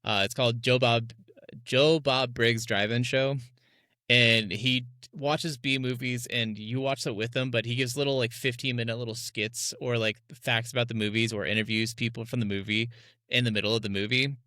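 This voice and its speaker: A man's voice: medium pitch, fairly even intonation, normal speed, sharp tone, no echo, clean studio sound. A man co-hosting a podcast in casual chat, bubbly and chatty, laughing a lot. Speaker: podcast co-host.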